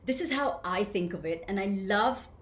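A woman leading a voice workshop for coaches, lively and questioning, answering participants by name. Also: medium pitch, normal speed, roomy sound. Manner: animated, asks the group questions and answers them. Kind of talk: live online workshop teaching.

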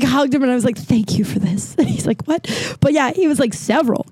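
A woman's voice: a little high, dry recording. Chatty woman podcaster, dry close sound. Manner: animated, laughing, acts out quoted voices. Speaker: podcast host. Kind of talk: casual solo podcast storytelling.

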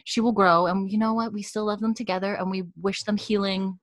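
A woman's voice: medium pitch, little pitch movement, brisk. A woman co-hosting a casual podcast, chatty and rambling, laughing often, from Canada. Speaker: podcast co-host.

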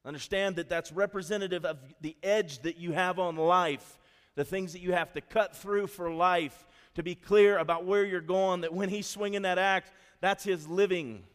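Animated preaching man in a reverberant hall. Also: high-pitched, moderate pace. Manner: animated storytelling, acts out quotes. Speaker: pastor. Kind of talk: sermon.

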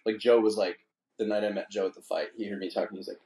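An American man hosting a podcast, brash, excitable and swearing constantly. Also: on the low side, quick pace. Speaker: podcast host. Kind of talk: casual podcast chat. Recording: roomy room echo.

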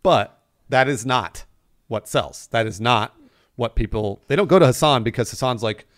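Animated man in casual podcast chat. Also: mid-range voice, normal speed. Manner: animated, laughing, acts out quotes. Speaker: podcast guest, video game news host.

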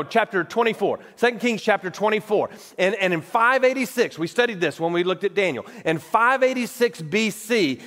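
A man preaching a sermon as pastor, impassioned, dropping to hushed low tones and rising to loud declarations. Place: church sanctuary. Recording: long reverb of a large hall.

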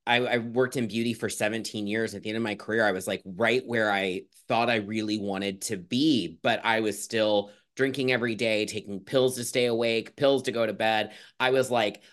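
A man's voice: fairly low pitch, normal speed, hardly any pauses. A man hosting a podcast, chatting openly and animatedly, often laughing and acting out his own past words. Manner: animated, laughs often, quotes himself in lively voices. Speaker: podcast host. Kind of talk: casual heartfelt chat.

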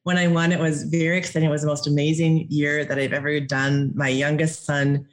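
Guesting on a podcast, a middle-aged woman from Minnesota animatedly recounts her story in a deep, brisk voice, frequently laughing and performing the words she spoke at the time.

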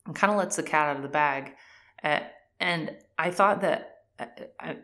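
A woman's voice: low voice, expressive, unhurried, a bit bright. A woman in casual chat, animatedly retelling a TV series' plot and acting out the characters' lines with many "like"s. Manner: frequent fillers "like" and "um".

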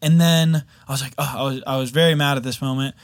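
A man's voice: mid-range voice, steady tone, quick pace, dry recording, studio quality. Candid young man giving a testimony. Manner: open, candid and earnest. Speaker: video editor sharing a faith testimony. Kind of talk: personal testimony to camera.

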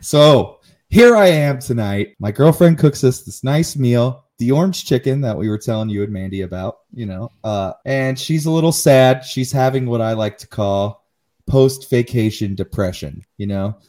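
A male podcast co-host talking in a casual, animated way. He rants with plenty of swearing, and his voice sits at a middling pitch for a man. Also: normal speed. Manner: animated ranting, swears freely. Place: Cincinnati area.

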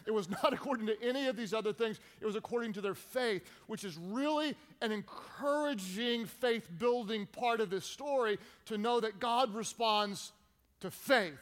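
A man preaching a sermon to his church, telling stories with lively acted-out shouts. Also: high-pitched, moderate pace. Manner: animated storytelling with acted-out shouts. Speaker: pastor. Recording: long reverb of a large hall.

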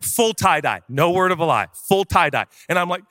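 A man preaching with a high, bouncy voice that swings through a wide range. He keeps the tone bright and jokey and breaks into sudden shouts. The sound is close and dry. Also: animated, normal speed, no echo. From Seattle area, USA. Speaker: pastor. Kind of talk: humorous sermon storytelling. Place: church stage before a live audience.

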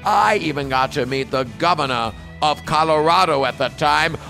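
A man's voice: a little high, normal speed, gravelly, sharp tone, faint music behind. A man co-hosting a casual show, reading listener stories aloud in a playful, teasing way. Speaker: podcast co-host.

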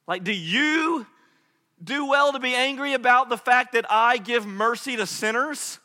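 A man preaching a sermon as a pastor, swinging between loud, lively stretches and hushed, intimate ones. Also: extremely high pitch, measured pace, in a large hall.

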